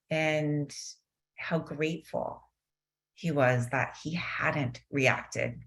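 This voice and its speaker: A middle-aged woman with a low, grounded voice leads a mindfulness webinar over a video call. She tells a story and then eases into a slow, gentle guided meditation. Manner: warm storytelling, slows into soft guided meditation. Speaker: mindfulness teacher and guest speaker.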